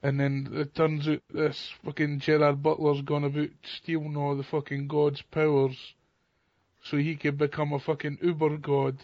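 A man's voice: fairly high pitch, completely flat delivery, moderate pace, a little mellow, no echo, muffled recording. A man chatting casually on a podcast, blunt and joking, swearing constantly. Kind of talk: casual chat.

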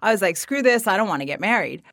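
A middle-aged woman telling a personal story in casual conversation, acting out the dialogue with lively shifts. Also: medium pitch, fast talker, no room sound, clean studio sound. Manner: animated, acts out quoted dialogue.

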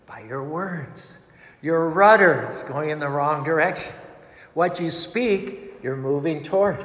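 A man giving an emphatic storytelling sermon with dramatic retelling. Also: on the high side. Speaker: spiritual speaker. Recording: echoey hall with long reverb.

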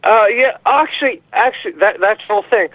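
A man calls in over a tinny, phone-like line that sounds very dry. His voice sits high for a man, and he rambles along with constant fillers and swearing. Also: animated, dry recording. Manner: rambling, profane, halting with many fillers. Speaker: caller. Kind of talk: call-in rant. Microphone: phone call.

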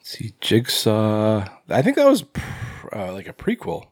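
A young man co-hosting a horror podcast, chatting casually with loose, swearing, animated rants. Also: lowish voice, measured pace, no room sound, studio quality. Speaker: podcast co-host. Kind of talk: casual chat.

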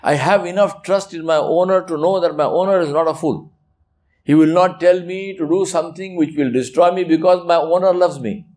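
A man giving a religious talk, emphatic and animated, acting out little quoted scenes. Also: on the high side, brisk. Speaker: preacher.

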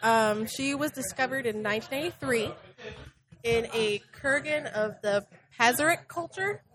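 A woman's voice: on the high side, normal speed, crowd noise. A woman hosting a history podcast live in a bar, hesitant with many ums and frequent laughs.

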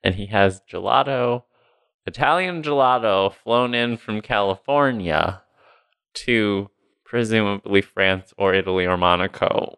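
A man's voice: lowish voice, vocal fry, fairly bright tone, clean tone, dry recording. A man co-hosting a podcast, casually recapping a movie with a sarcastic, rambling manner and frequent laughs. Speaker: podcast co-host.

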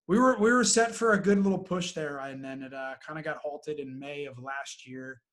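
A man's voice: a little high, normal speed, a bit bright. A man, a guest and former Marine, speaking frankly in a casual interview and quoting people as he tells his story. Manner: frank, plain-spoken, quotes others in his story.

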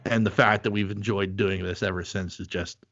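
A man's voice: fairly low pitch, fairly even intonation, fairly quick, a bit bright, lo-fi sound. Rambling, profane podcast host, a man. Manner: rambling, profane, lots of fillers. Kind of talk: casual chat.

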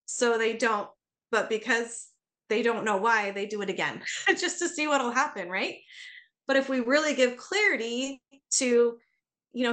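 A middle-aged woman speaks as a guest on a parenting podcast. Her voice sits a bit high, and she tells stories in an animated way, acting out the lines people said. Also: measured pace. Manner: animated storyteller, acts out dialogue. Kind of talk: casual podcast conversation.

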